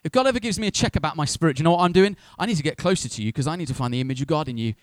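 A man's voice: on the high side, animated, racing, no echo, studio quality. A man preaching a sermon in a conversational way, acting out voices of churchgoers with humor.

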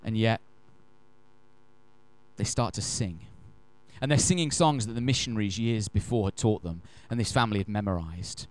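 A man preaching a sermon. He tells stories in an animated, emphatic way and slows down to stress key phrases. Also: lowish voice. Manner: animated, emphatic storyteller who acts out quotes. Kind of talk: sermon with storytelling.

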